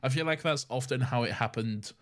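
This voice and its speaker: A man's voice: mid-range voice, fairly quick. Easygoing man on a podcast. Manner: relaxed, laughs often, hedges. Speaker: podcast co-host. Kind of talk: casual chat.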